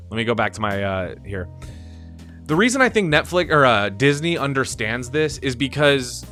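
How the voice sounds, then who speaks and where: A man hosting a live stream, talking in a casual, animated way. He laughs often and repeats and restarts his words. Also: medium pitch.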